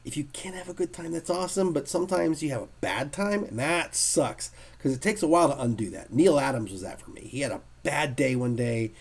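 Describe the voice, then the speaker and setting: A man, a comic artist being interviewed, telling stories in a casual, animated way and acting out what others said. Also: a little high, brisk, creaky, few pauses. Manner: animated storyteller who acts out quotes.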